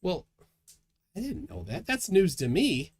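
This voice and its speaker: A man's voice: high-pitched, unhurried, breathy edge. A man hosting a casual livestream, chatting and reading viewer comments aloud with a chuckle. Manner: lively, chuckling, reads chat aloud. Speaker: livestream host.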